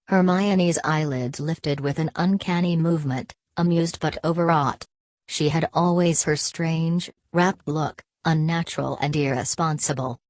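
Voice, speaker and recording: A woman narrates a novel in a steady, measured way. Her voice is low, and the recording is close and completely dry. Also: no room sound. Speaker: audiobook narrator. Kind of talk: scripted narration.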